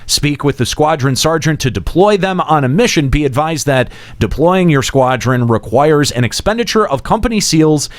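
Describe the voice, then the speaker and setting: Male co-host reading patch notes between jokes; lively pitch, slightly high. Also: moderate pace, hardly any pauses, no echo. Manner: reads in a steady flat delivery, breaks into mocking jeers. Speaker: podcast co-host.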